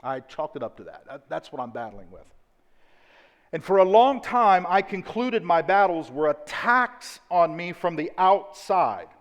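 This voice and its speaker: Emphatic preacher in a reverberant church. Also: male voice, high voice, big pitch swings. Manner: emphatic, repetitive preaching with deliberate slow stresses. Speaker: pastor. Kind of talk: sermon. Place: church auditorium. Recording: church hall with long reverb.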